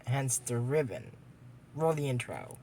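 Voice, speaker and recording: A man's voice: medium pitch, big pitch swings, measured pace, a little mellow. A man casually recapping a cartoon episode, rambling with lots of fillers and restarts and dropping sarcastic asides. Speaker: anime episode reviewer.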